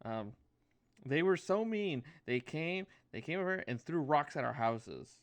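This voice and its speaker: A man voicing tiny pixies who shout angry complaints. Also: very animated, a little slow. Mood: indignant. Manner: shrill, indignant shouting.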